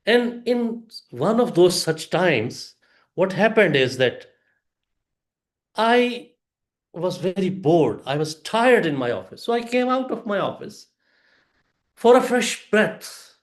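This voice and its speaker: A man giving a prepared storytelling speech to a club audience, with a deliberate delivery, pauses and emphatic rises. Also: high-pitched, very animated, echoey room.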